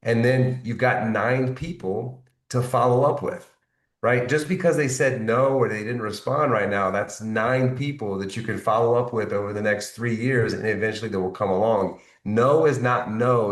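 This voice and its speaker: Picked up far from the mic in a roomy space, this man leads a network marketing team and coaches them on sales follow-up. He speaks at a moderate pace in a lowish voice. He stays motivational, goes over the same points again, and keeps asking "right?".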